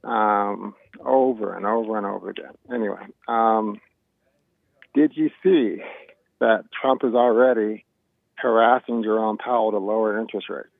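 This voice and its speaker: Male caller, low gravelly voice, blunt, tinny phone line. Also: fairly even intonation, moderate pace, no room sound. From Phoenix, Arizona. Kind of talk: phone-in call.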